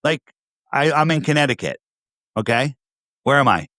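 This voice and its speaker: A podcast guest with a New York area accent chats casually over a video call, driving his points home with emphatic rhetorical questions. His mid-range voice swings widely in pitch at normal speed and sounds a bit bright. The recording is dry and studio-clean.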